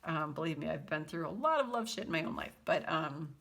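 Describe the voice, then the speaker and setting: A woman's voice: sits low, expressive, fairly quick, creaky, fairly bright tone. Giggly, chatty woman reading tarot. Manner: giggly, chatty, breaks into laughter often; reads song lyrics aloud in a half-sung lilt. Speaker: tarot reader. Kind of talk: casual tarot reading to viewers.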